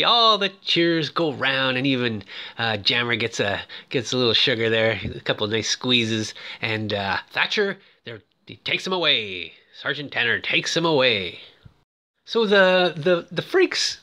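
A man retelling a movie plot in a casual, excitable way, with many fillers and quick put-on voices for the characters. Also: mid-range voice. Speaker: film recap presenter.

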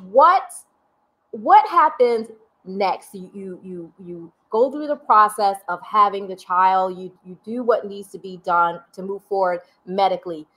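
A woman's voice: mid-range voice, animated, unhurried, a bit bright. A woman hosting an interview, asking long, rambling questions full of repetitions. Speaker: host.

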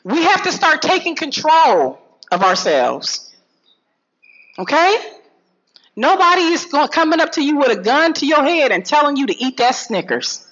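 Animated woman lecturing a crowd. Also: moderate pace. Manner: animated, preacherly, swings between low asides and loud high calls. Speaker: health speaker addressing an audience. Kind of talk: lively talk to an audience. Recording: dull lo-fi sound.

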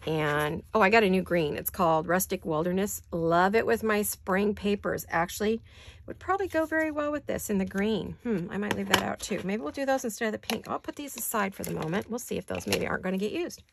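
Chatty older woman with a gravelly voice. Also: medium pitch, expressive, a little fast, no echo. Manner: rambling, chatty, apologetic asides. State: hiccups. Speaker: paper craft vlogger. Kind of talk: casual chat while crafting. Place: home craft desk.

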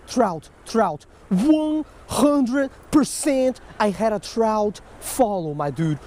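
A man vlogging outdoors while fishing a creek, chatting casually and getting excitable, swinging from hushed to yelling. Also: high-pitched, a little hiss or hum.

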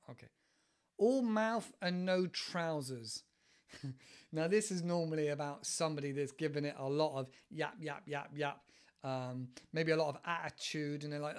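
A man's voice: a little high, animated, unhurried. A man with an English West Country accent who hosts a casual podcast lesson, explaining idioms in a chatty, digressive way and laughing often. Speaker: English teacher and podcast host.

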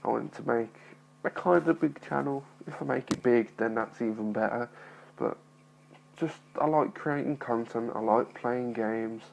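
A man's voice: medium pitch, normal speed, gravelly, a little hiss or hum, low-quality recording. A nervous young man vlogging to his phone, rambling and apologetic, with a mild speech impediment. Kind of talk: casual talking-to-camera vlog.

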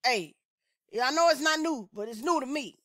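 Woman vlog host, emphatic and excitable, a bright, forceful tone, dry close sound. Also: high voice, normal speed, no room sound. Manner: excitable, emphatic, loud exclamations and frequent laughs. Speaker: music reaction channel host. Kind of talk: casual reaction vlog chat.

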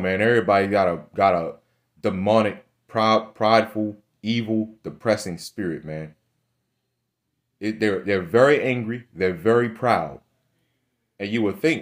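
A young man preaching a blunt, fiery monologue, cursing often and tagging his lines with "man" and "right?". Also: lowish voice. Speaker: religious speaker.

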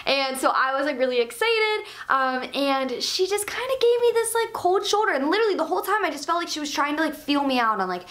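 A young woman YouTuber in a casual storytime chat, talking with lots of "like" and retelling events with animated energy. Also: high voice, fairly quick, few pauses. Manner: chatty, filler-heavy with constant "like", animated retelling.

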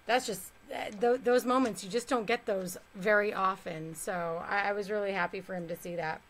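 A woman's voice: medium pitch, steady tone, normal speed. Gushing, chatty woman interviewer. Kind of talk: casual interview chat.

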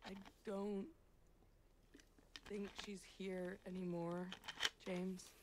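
A fragile young woman who speaks in a soft, hesitant, subdued way. Her voice comes through game audio with a clear layer of steady background noise. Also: on the low side, very slow. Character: troubled, withdrawn young woman, quiet and fragile. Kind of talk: video game voice acting.

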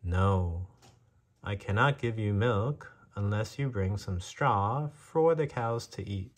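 A man's voice: lowish voice, lively intonation, slow, a little hiss or hum. A man voicing a ranch owner who refuses to help, in a storybook reading. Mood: refusing. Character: stubborn male ranch owner.

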